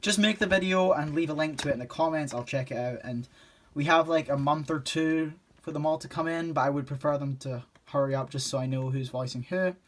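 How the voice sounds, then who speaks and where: A man's voice: fairly high pitch, fairly quick, slight background noise. A man giving a casual fan casting call, rambling and hesitant, with many ums and restarts. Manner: relaxed and informal, with light laughs.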